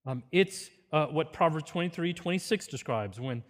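A man's voice: a little high, expressive, normal speed, big-room sound. A man giving an earnest, teacherly parenting seminar with a faith focus.

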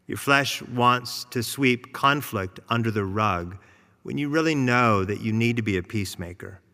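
A man preaching a sermon as a pastor, storytelling with animated lines for a mother and child. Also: medium pitch. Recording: long hall reverb.

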